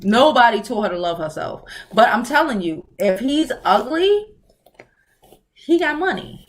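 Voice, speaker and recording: A woman's voice: a little high, very animated, a little slow. A woman hosting a casual livestream, talking bluntly and profanely and often laughing as she answers viewer comments. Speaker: livestream host.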